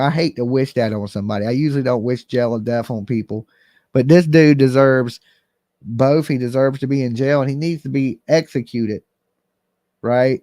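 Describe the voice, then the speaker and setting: A man's voice: mid-range voice, mellow, no echo, studio quality. A man hosting a live call-in commentary stream, talking bluntly and emphatically straight to his viewers. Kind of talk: casual livestream commentary.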